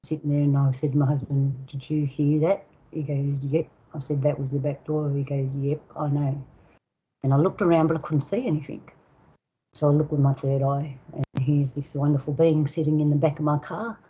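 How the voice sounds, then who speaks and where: An older woman with an Australian accent, a guest elder telling a personal story in unhurried casual talk, acting out voices and sounds. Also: low-pitched, little pitch movement, dark tone, breathy edge, muffled recording. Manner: unhurried, acts out dialogue and sounds.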